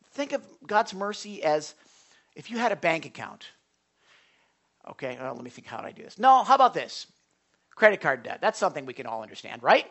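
A man's voice: a little high, gravelly. Folksy male preacher, checking in with listeners. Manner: swings between loud bursts and quiet asides. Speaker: pastor. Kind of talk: conversational sermon.

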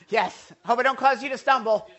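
Male preacher, casual sermon, animated, jokey, loud-to-quiet swings. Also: extremely high pitch.

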